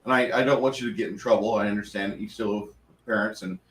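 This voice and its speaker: A man's voice: lowish voice, fairly even intonation, fast talker, a bit bright, recorded from a distance. A man, running a tabletop game and chatting in an earnest, rambling way, often restarting his sentences. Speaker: game master. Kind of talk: casual chat after a tabletop game. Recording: echoey room from off-mic with faint noise.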